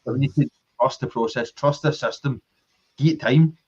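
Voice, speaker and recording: A Scottish man in full flow on a fan podcast, pressing his case with passion and barely pausing. His voice sits at an ordinary middle pitch. The sound is dull and lo-fi, like an online call. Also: a little mellow, husky. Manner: passionate, talks in long runs of argument. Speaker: podcast co-host. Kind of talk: casual football fan chat.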